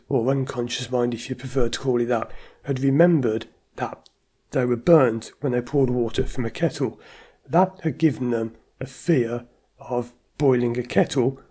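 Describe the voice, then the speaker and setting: A man's voice: mid-range voice, warm tone, slightly rough. A man, a driving anxiety therapist, talks casually to camera and tells a client story, acting out the client's stammering replies. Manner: anecdotal, acts out client stammering.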